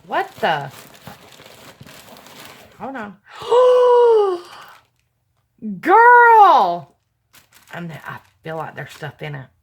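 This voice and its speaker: A woman's voice: low-pitched, slow, gravelly, long pauses, breathy edge, lo-fi sound. Gushing woman unboxing gifts. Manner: gushing, excitable, gasps and exclaims, addresses viewers as y'all. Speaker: vlogger opening a gift package. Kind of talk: casual unboxing chat. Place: home at night.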